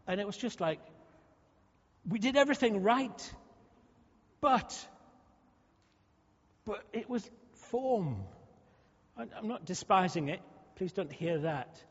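A man's voice: sits high, very animated, a little slow, pauses often, slightly rough. A male pastor preaching a sermon in a conversational way, often restarting and repeating words. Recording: muffled sound with long hall reverb.

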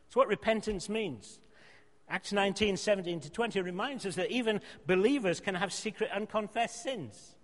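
A man preaching a sermon, earnest and emphatic, swinging between loud exhortation and softer pleading. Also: high voice, moderate pace. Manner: earnest, emphatic, rising to loud exhortation then dropping soft. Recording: long reverb of a church hall.

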